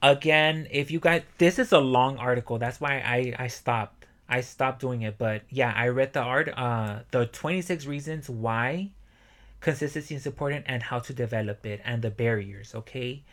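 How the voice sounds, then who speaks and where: Young guy doing a solo self-help podcast, cussing nonstop, bright punchy voice, mid pitch. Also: moderate pace. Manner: profane, animated, bursts into yelling. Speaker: podcast host. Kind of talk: motivational podcast monologue.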